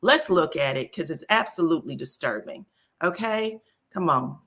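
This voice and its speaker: A woman's voice: deep voice, animated, normal speed, a bit bright. A woman hosting a casual live gossip stream, chatting to viewers and reading their comments aloud. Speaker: celebrity gossip host.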